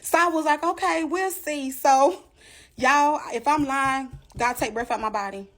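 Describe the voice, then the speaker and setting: A woman's voice: high-pitched, a little slow, fairly bright tone. A woman telling her own story to viewers in a casual, emphatic way, talking straight to the audience. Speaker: storyteller giving a testimony.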